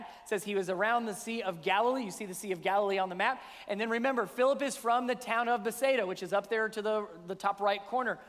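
High-voiced preacher in a hall. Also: male voice, a bit bright. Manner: conversational, asks rhetorical questions. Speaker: pastor. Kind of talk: sermon.

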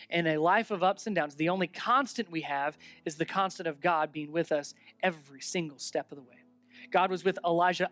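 Animated pastor preaching a sermon. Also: medium pitch, no echo. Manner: animated, emphatic teaching with rhetorical questions.

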